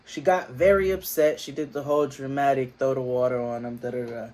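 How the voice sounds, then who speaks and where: A man's voice: mid-range voice, fairly even intonation, brisk, a little mellow. A man co-hosting a casual TV recap chat who laughs easily and riffs on the scenes. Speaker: co-host of a TV recap show.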